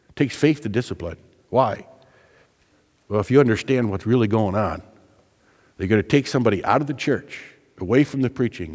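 A man preaching a sermon, stressing his points by repeating phrases and moving from loud urgency to hushed tones. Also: on the low side, big-room sound.

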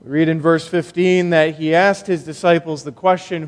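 A male pastor preaching a sermon in a slow, emphatic way with long pauses, in a church sanctuary. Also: on the high side, fairly even intonation, big-room sound.

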